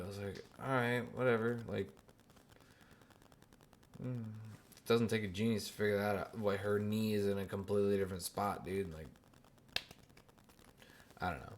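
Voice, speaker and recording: A young man hosting his own podcast, telling a story in crude, animated casual chat and mocking other people's voices. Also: lowish voice, moderate pace, long pauses, slight background noise. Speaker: podcast host.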